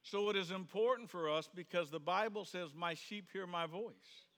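Inside a church sanctuary with long echoing reverb, a male pastor delivers his sermon conversationally at a moderate pace. His voice is bright and slightly high, and he slips into story characters' voices and rises to sudden shouts.

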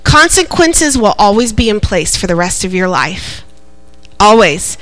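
Bright-voiced woman preaching a sermon. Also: mid-range voice, a little slow, low-quality recording. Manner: animated, laughing often, calls for audience responses.

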